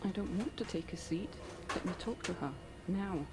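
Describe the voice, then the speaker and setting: A woman's voice: mid-range voice, moderate pace, natural voice. An actress playing a distraught mother who insists on seeing her daughter, heard as noisy, distant game audio. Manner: insistent, pleading.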